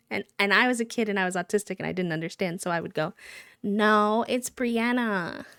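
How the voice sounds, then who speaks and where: A woman's voice: mid-range voice, very fast, gravelly, a bit bright, dry recording, studio quality. A woman live streamer chatting casually and playfully with her viewers, breaking into sing-song countdowns.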